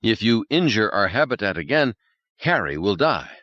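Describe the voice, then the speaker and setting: A man voicing a calm, insistent psychologist. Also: fairly low pitch, normal speed, dry recording, dull audio, pitched above the performer's own voice. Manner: earnest and insistent. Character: calm, persistent male psychologist.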